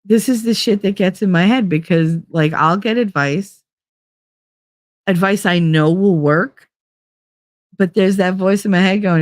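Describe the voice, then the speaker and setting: A woman's voice: mid-range voice, a little slow, long pauses, no room sound, clean studio sound. A middle-aged woman talking candidly in a rambling podcast monologue, acting out quotes and laughing often. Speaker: podcast host. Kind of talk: casual monologue.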